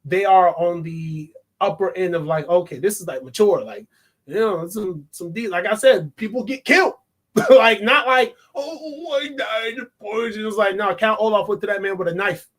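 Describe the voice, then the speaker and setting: A man reviewing a movie in a casual, excitable vlog, swearing and laughing often. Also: high voice, normal speed.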